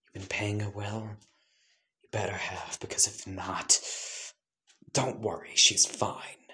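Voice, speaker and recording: A man voicing a weary, curt young male hitman in a flat whisper, as whispered role-play. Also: lowish voice, slow pace.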